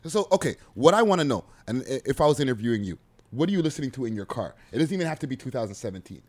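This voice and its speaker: A man co-hosting a casual podcast chat, animated and swearing, laughing often. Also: mid-range voice, very fast. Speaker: co-host.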